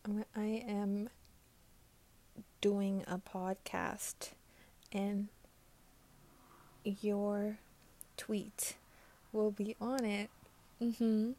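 Profane giggly woman, slow talker. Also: mid-range voice, flat delivery. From United States. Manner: profane and giggly, swinging between loud outbursts and muttered whispers. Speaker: podcast host. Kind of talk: casual solo chat answering questions.

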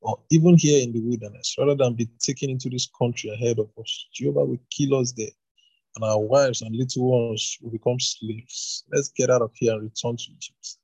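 A man's voice: medium pitch, fairly even intonation, a little fast, darkish tone, breathy edge, no echo, poor audio. Wailing, complaining crowd, read by a man.

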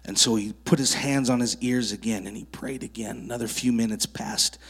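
Animated male preacher telling stories. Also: medium pitch, moderate pace, breathy edge. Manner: animated storyteller who works with child volunteers. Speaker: preacher at a kids camp. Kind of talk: sermon with testimony stories. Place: church sanctuary.

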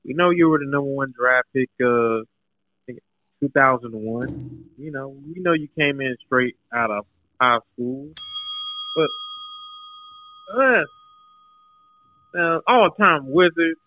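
A man on a phone call, calm and a bit hesitant, trying to settle an upset caller. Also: mid-range voice, takes it slowly, long pauses.

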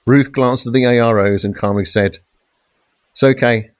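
A man reading a crime novel aloud in measured, dramatic narration, raising his voice for the police shouts. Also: mid-range voice, fairly even intonation, dry recording. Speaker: audiobook narrator. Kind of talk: scripted narration.

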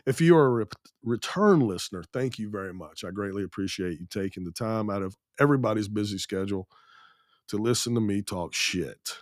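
A man hosting his own podcast in a blunt, swearing rant. He is sick with an ear infection, and his voice sits at a middle pitch. The sound is close and dry, with no room echo. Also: fairly quick. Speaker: podcast host. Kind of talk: angry solo podcast rant.

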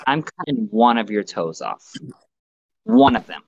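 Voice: medium pitch, lively intonation, a little slow, darkish tone, breathy edge, no room sound. A podcast co-host in casual chat, giving blunt, profane, rambling opinions, recorded with slightly muffled audio.

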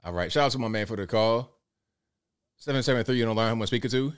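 A male talk-show host, brisk and upbeat, wrapping up a call and taking the next. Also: medium pitch, smooth, dry recording. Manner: brisk, upbeat, wraps calls quickly.

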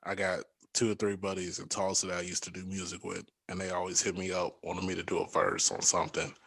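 Young guy, animated storyteller, does the voices, laughs a lot, dry close sound. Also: low voice, fast talker, creaky, breathy edge, no echo. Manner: animated storyteller, acts out quotes, laughs often. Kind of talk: casual chat.

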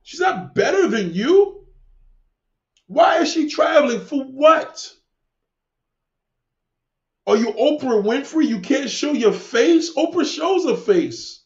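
A man with a high voice hosts a livestream and lectures his chat in a combative, preachy rant, cursing freely and repeating himself. His voice rings in an echoey room, and the recording is dull and lo-fi. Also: big pitch swings, slow pace, pauses often. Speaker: livestream host answering chat. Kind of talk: live-stream rant.

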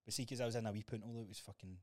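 A man's voice: on the low side, fairly even intonation, very fast, darkish tone, no echo. A young man with a Scottish accent, co-hosting a podcast and telling stories in a sweary, laughing way. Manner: storytelling, sweary, laughs often. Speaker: podcast co-host. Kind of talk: casual chat.

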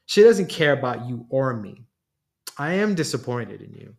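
A man's voice: medium pitch, very animated, normal speed, vocal fry, darkish tone. A man narrating a story, voicing a frustrated, sarcastic man whose privacy has been exposed. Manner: exasperated, sarcastic. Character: frustrated young male lawyer.

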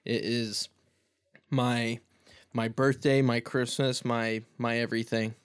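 A man's voice: medium pitch, flat delivery, slow, clean tone, no echo, studio quality. A man chatting wryly as a podcast guest, teasing his friends. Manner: wry, teasing. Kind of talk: casual podcast chat.

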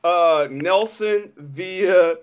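A man co-hosting a podcast in casual chat, relaxed and laughing often. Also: sits high, extremely slow. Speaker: podcast co-host. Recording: clear background noise.

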